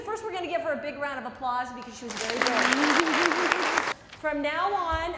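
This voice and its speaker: A woman leading a live workshop, giving direct, brisk advice and running a demonstration for a group. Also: sits high, sharp tone, a little hiss or hum. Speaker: workshop trainer. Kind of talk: live workshop lecture and demo. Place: meeting room before a group. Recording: echoey room, mic at a distance.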